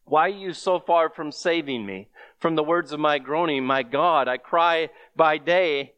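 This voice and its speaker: A male preacher delivers a sermon in a slightly high, smooth and clear voice. He speaks slowly and earnestly, reading scripture aloud, and the recording is dry and close. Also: no echo, highs cut off.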